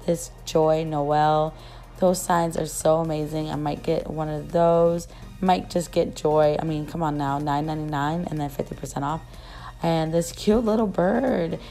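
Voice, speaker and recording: A young woman vlogger, her voice still rough after losing it, chatting and gushing in a casual shop-with-me voice-over. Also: low-pitched, fairly even intonation, measured pace, dark tone, soft background music. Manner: gushing, chatty, many fillers. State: rough voice, just recovering.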